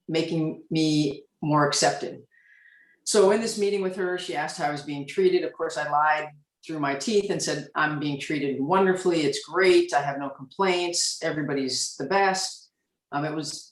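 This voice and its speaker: A woman's voice: low voice, far from the mic. Reflective woman in an echoey room. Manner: candid, reflective, with frequent "um" pauses. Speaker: panelist, police officer. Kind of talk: panel discussion storytelling.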